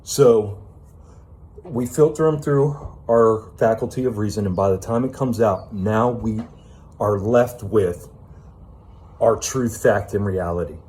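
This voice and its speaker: A man's voice: on the low side, slow pace, darkish tone. A man giving an unscripted self-help monologue, ranting with emphatic profanity and casual fillers like "man" and "you know.".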